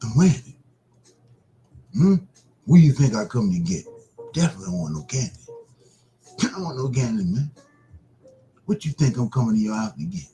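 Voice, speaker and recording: A man hosting his own broadcast, preaching casually in a repetitive, drawn-out way. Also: medium pitch, lively intonation, gravelly, dark tone, faint music behind, rough recording. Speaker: broadcast host.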